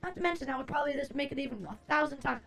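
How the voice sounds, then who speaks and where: High, gravelly-voiced swearing woman streamer. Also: racing, a bit bright, soft background music. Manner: profane, rambling, exasperated, answers chat. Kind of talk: casual live-stream chat.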